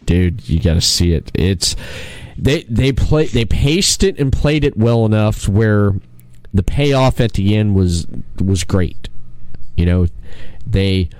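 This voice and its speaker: A man hosting a podcast in casual chat, an animated storyteller who laughs a lot and restarts his sentences. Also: on the low side, slow, dry recording. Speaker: podcast host.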